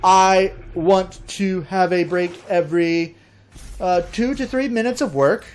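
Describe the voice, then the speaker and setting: A man's voice: high voice, a little slow, a little mellow, clean tone, voice pushed up. A man doing a haughty, entitled male office worker who makes absurd demands.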